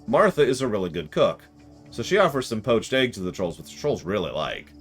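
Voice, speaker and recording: A man casually retelling a game session in an animated, rambling way, often correcting himself. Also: fairly low pitch, a little fast, faint music behind. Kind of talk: casual storytelling.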